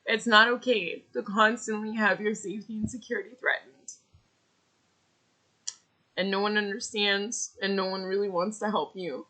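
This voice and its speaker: Angry woman in her thirties ranting at the camera, cussing a lot, bright sharp voice. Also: medium pitch, fairly even intonation, a little fast. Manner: furious, swearing, venting in bursts. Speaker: vlogger. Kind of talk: angry personal rant to camera.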